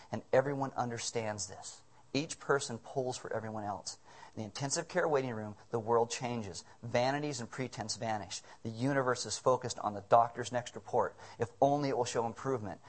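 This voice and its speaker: A male pastor preaching in a church sanctuary. He tells stories with animated energy and chuckling asides, then drops to quiet, earnest moments. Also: medium pitch. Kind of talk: sermon.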